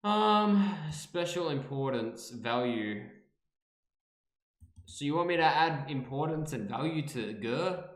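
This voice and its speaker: A male streamer chats through a live reaction with a lively, swooping voice. He talks at an unhurried pace, plays with words and swears casually, and the room around him rings a little. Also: fairly high pitch, reverberant. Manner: playful, repeats words over and over, swears casually.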